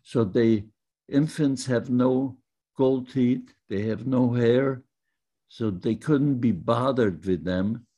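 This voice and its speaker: An elderly man tells his story in a slow, deliberate way. His voice sits at an ordinary middle pitch. He speaks plainly and sometimes restarts his words. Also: mellow. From Poland. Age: older. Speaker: Holocaust survivor. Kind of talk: testimony storytelling.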